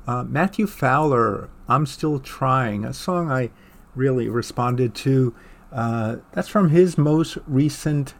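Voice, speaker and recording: A man in his fifties with a gravelly, creaky edge, talking through the songs he just played. He is a music show host who keeps it casual and chatty, often pausing with fillers. His pitch sits in an ordinary middle range. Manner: relaxed and chatty, with frequent fillers. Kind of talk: casual radio back-announcing.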